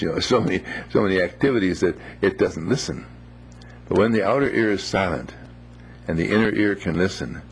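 Low gravelly man telling a folksy story. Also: a little hiss or hum. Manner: gentle, unhurried, moralizing with homely phrases. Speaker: speaker telling a moral story.

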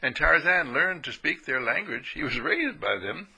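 A man preaching a folksy spiritual sermon, animated and playful, swooping into high voices for sheep and characters. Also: normal speed, slightly rough, low-quality recording.

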